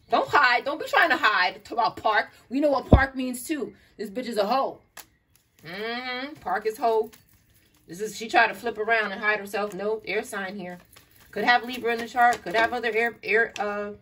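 A woman with a slightly high, fairly bright voice does an online tarot reading, cursing and sounding exasperated as she bluntly calls the listener "child" again and again. The recording comes from a distant mic with faint noise and clicks.

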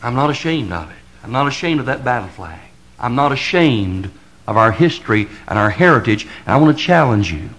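Southern-drawl pastor, man, bright tone, preaching in swelling repeated cadences. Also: medium pitch, sing-song, low-quality recording. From American South. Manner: impassioned, building to emphatic crescendos; repetitive rhetorical cadence with drawn-out stresses. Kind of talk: fiery preaching sermon.

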